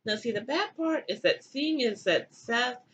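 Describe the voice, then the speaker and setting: A woman's voice: fairly high pitch, lively intonation, a little slow, highs cut off, slight background noise. A young woman retelling a myth in a giggly, irreverent comic style with crude asides. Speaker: comedic storyteller.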